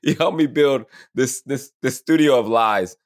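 Thirties male co-host, casual sports banter, mid-range voice, animated. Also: medium pitch. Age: 30s. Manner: animated, laughs often, quick asides. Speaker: podcast co-host.

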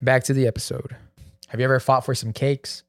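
A man's voice: mid-range voice, brisk. Slangy young man telling a story. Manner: loose, slangy, animated storyteller. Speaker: podcast co-host. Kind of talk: casual chat, storytelling.

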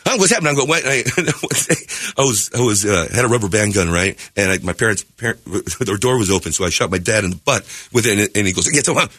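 A man's voice: lowish voice, brisk, fairly bright tone, slightly rough, no echo, clean studio sound. A man, a guest comedian, telling stories on morning radio, bursting into character voices and laughing mid-story.

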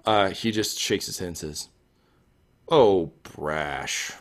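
A man narrating a tabletop game as game master, lively and animated. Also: low voice, normal speed. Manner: lively, animated, loose with fillers.

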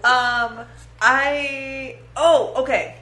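A woman's voice: high voice, fairly even intonation, drawn-out words, sharp tone. A woman co-hosting a casual podcast chat, laughing as she retells comedy scenes. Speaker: podcast co-host. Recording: roomy echo, faint ambient hiss.

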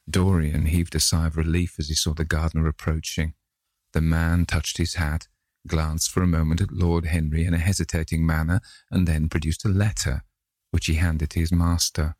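A man narrating a classic novel in a measured, unhurried reading. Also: a bass voice, little pitch movement, darkish tone, no echo, studio quality. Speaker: audiobook narrator.

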